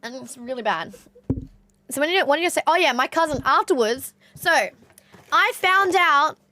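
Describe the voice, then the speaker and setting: A woman's voice: high-pitched, animated, fairly quick, a bit bright. An Australian woman streamer with a congested nose, chatting casually to her live audience and telling stories full of "like" fillers. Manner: chatty storyteller, rambling with many "like" fillers. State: nasal congestion. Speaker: game streamer.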